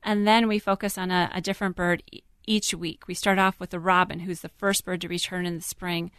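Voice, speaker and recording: A woman's voice: on the low side, little pitch movement, a little fast, fairly bright tone, clear, resonant tone, no room sound, studio quality. A woman kindergarten teacher explaining her classroom in an earnest, careful way during a radio interview.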